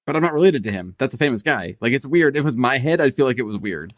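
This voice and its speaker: A man's voice: medium pitch, lively intonation, fast talker. A man co-hosting a podcast, musing in casual chat with wry asides and acted reactions. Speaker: podcast co-host.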